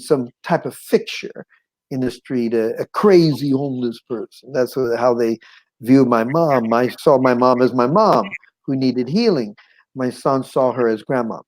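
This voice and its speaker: A middle-aged man, a show guest, telling a personal life story in an animated, conversational way, acting out voices and chuckling often. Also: mid-range voice, low-quality recording. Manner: conversational with frequent "you know what I'm saying".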